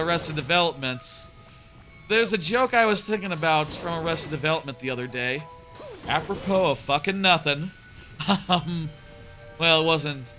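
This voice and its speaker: A man in his thirties rambles through casual stream chatter, full of ums and restarts. His voice sits fairly high and sounds bright and forceful. Faint game music plays behind him. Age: 30s. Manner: rambling, with many fillers and restarts. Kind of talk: casual live-stream chatter while gaming.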